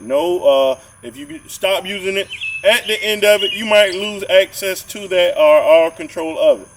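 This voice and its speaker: Man podcast co-host, a touch high-voiced, rambling and repetitive, a bit off-mic. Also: far from the mic, noisy background. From southern Georgia, US. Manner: rambling, repeats words, preachy asides. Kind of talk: casual podcast chat.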